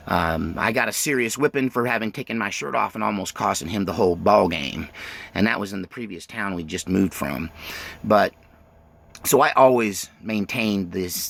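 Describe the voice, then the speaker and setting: A man's voice: lowish voice, vocal fry, a bit bright. A middle-aged man telling his own life story in a rambling, self-interrupting way, full of fillers and restarts. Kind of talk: autobiographical storytelling.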